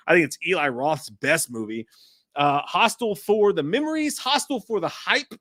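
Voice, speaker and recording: A man co-hosting a casual movie chat, rambling in a crude, animated way. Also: on the high side, dry recording, clean studio sound. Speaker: podcast co-host. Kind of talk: profane casual movie rant.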